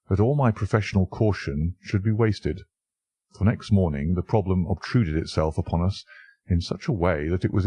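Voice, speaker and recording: Male audiobook narrator, low and husky, dry studio sound. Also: mellow, no room sound. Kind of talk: scripted narration.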